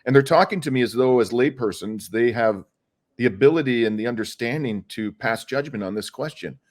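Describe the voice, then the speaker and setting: A man's voice: medium pitch, a little fast, darkish tone. A middle-aged man, a lawyer and activist, giving an earnest interview answer, arguing with frequent hesitations and restarts.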